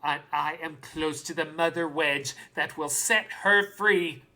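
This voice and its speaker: A man on a stream doing cold, deliberately deadpan dramatic readings of excerpts. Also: a little high. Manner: deliberately deadpan, over-earnest delivery.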